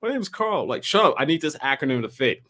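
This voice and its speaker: Animated, profane man on a podcast. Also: fairly high pitch, fast. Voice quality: profane, animated, slips into mocking impressions. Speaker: podcast co-host. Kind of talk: casual podcast chat.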